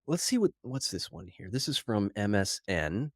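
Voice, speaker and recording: A man's voice: on the low side, moderate pace, no echo, clean studio sound. Worked-up, over-caffeinated male podcast host. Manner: animated and worked up, mocking quoted headlines. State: over-caffeinated, slightly out of breath. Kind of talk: solo podcast commentary.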